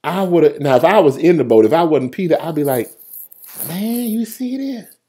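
A man's voice: a little high, quick pace, slightly rough. A man preaching a livestreamed sermon, joking and colloquial, talking straight to his viewers by name. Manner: lively, joking, colloquial storytelling; talks straight to listeners by name.

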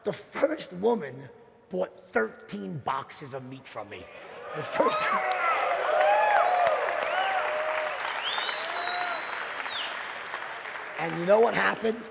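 A middle-aged man giving a motivational sales keynote, telling a story in an animated, punchy way and checking in with the audience with "right?". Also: high voice, measured pace, gravelly, a loud crowd, heavy background noise. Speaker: keynote speaker. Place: large conference hall. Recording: long hall reverb from stage.

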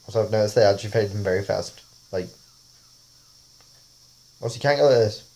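A man's voice: on the low side, brisk, warm tone. A man casually talking over a face-swap app, rambling and often laughing. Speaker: vlogger.

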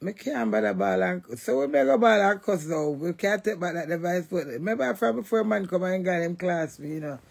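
A woman's voice: on the low side, brisk, creaky, hardly any pauses, slightly rough. A woman with a Jamaican accent, ranting and cussing defiantly in a monologue to camera. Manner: loud, cussing, defiant rant. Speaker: vlogger.

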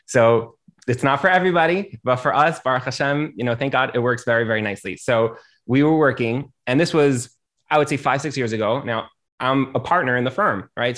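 A man, a rabbi and accountant, giving earnest marriage advice on a talk show and often repeating his phrases. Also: medium pitch.

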